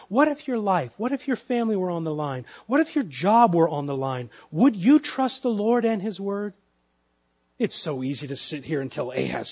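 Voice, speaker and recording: A pastor with a notably high voice preaches through scripture before a church congregation. He presses home his points with repeated, emphatic rhetorical questions. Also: husky. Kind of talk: expository sermon.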